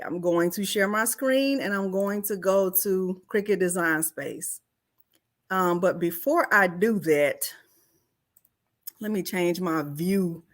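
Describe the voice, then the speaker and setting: A woman's voice: medium pitch, fairly bright tone. A woman hosting a live-streamed craft tutorial, chatty and friendly, greeting viewers by name and often saying "y'all". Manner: Southern-style "y'all".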